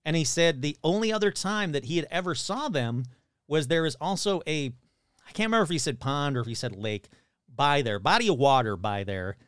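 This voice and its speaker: Animated man retelling a story. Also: on the high side, brisk, clear, resonant tone, no echo, studio quality. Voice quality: swears casually. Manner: animated retelling, acts out quoted voices. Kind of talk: casual storytelling.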